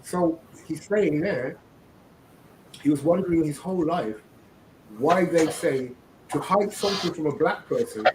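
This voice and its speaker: A man's voice: on the high side, measured pace, long pauses, background noise. A man hosting religious commentary, preaching and often asking "right?". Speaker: host. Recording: echoey room.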